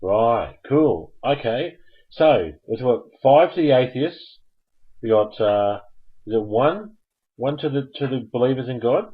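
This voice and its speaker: A man's voice: mid-range voice, slightly rough, phone-quality sound. An Australian man hosting a live call-in show, joking and rambling and laughing at his own jokes. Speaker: host.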